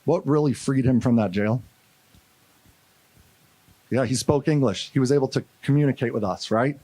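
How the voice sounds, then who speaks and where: A man's voice: mid-range voice, normal speed, dry recording. A man from St. Louis speaking at a conference, telling a story with energy and acting out the voices of the people in it. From St. Louis, USA. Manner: animated, acts out quotes. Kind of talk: storytelling keynote talk.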